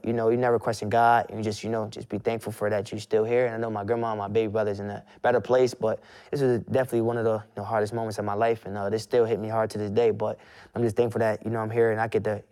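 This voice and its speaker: A young man in his twenties, appearing as a guest, shares an emotional personal story in loose, casual conversation, full of "you know" and restarts. His voice is medium-pitched, smooth, and darkish in tone.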